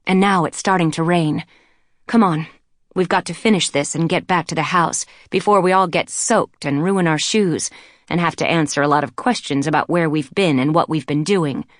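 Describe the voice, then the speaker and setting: A woman's voice: deep voice, no echo, studio quality, natural voice. A woman doing a blunt, take-charge young leader. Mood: brisk. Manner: brisk, emphatic.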